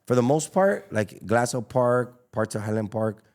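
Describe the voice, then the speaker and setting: A man, a taco restaurant owner telling stories as a guest in a casual podcast interview, animated and full of slang. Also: medium pitch, moderate pace. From Los Angeles. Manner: animated storyteller, slangy, acts out dialogue.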